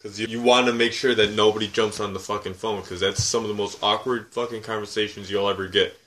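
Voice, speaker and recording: A man co-hosting a podcast, telling stories in a loose, profane, animated way. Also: fairly low pitch, fast. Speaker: podcast co-host. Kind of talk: casual podcast chat.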